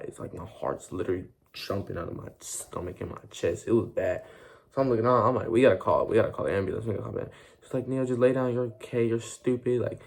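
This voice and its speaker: A man's voice: lowish voice, vocal fry. A young man telling a personal story in a casual, rambling way, full of slang and restarts.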